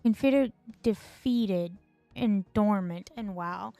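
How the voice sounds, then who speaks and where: A woman's voice: medium pitch, slow pace, dark tone, dry recording, dull audio, faint music behind. A woman streamer ranting in casual commentary, exasperated and sarcastic, swearing and piling up fillers.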